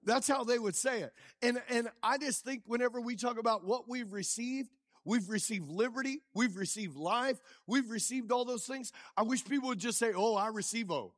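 A male pastor preaching a sermon with lively call-and-response, quizzing the congregation as he goes. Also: extremely high pitch, normal speed, no room sound, studio quality. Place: church.

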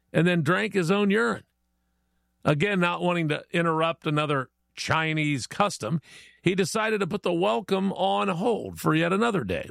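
A man's voice: high-pitched, gravelly, a bit bright, no echo, clean studio sound. A man hosting a casual morning show, folksy and chatty, plugging local spots and telling a joke of the day. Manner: folksy, chatty, laughs easily. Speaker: radio show host.

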